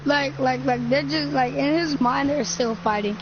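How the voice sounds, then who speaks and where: Woman, high voice, casual roleplay narration, filler words, muffled lo-fi, noisy background. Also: normal speed. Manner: casual, filler-heavy narration of fight moves. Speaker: roleplay player. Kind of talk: improvised roleplay storytelling. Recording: muffled lo-fi recording with noise.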